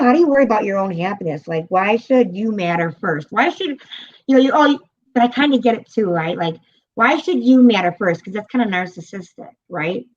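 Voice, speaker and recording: A woman hosting a live stream, chatting casually, rambling and swearing, with frequent laughter. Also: mid-range voice. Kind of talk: casual chat. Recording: muffled lo-fi audio.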